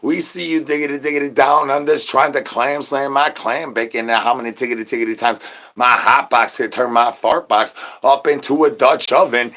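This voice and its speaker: A man's voice: medium pitch, steady tone, normal speed. A man ranting an absurd comedy monologue full of rhyming nonsense slang and stuttered repeated words. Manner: shouts out catchphrases. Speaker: comedy channel host. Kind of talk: absurd improvised comedy rant.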